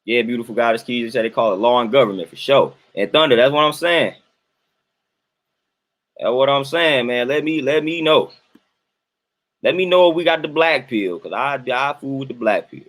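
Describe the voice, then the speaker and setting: A man's voice: medium pitch, normal speed, fairly bright tone. A young adult man, casually talking to his livestream chat, colloquial and repeating himself for emphasis. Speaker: livestream host reading chat.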